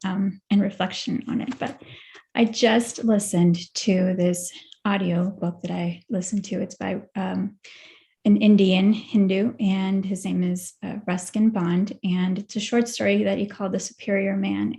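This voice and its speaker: Woman participant on a video call, creaky voice, mid pitch, chatty storytelling with fillers. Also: mellow. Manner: chatty, hesitant, many fillers. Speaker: meditation group participant. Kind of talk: casual storytelling.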